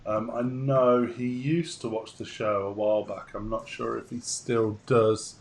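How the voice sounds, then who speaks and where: A man's voice: mid-range voice, fairly even intonation, unhurried. Blunt, sweary man. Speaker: co-host. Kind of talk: casual podcast chat.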